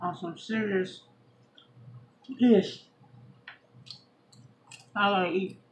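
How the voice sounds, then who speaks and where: A woman's voice: medium pitch, fairly even intonation, very slow, slight background noise, poor audio. A woman from Brooklyn, New York, with a Southern US accent, chatting casually while she eats at home by a window for her mukbang video. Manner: chatty, slangy, laid-back, eating between sentences. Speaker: mukbang vlogger.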